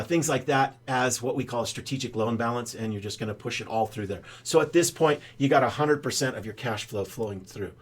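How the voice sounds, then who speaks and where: Older male advisor, casual explainer, folksy and rambling, middle pitch. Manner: rambling storyteller, frequent "uh" fillers. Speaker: financial advisor pitching whole-life insurance banking. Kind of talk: casual straight-to-camera explainer.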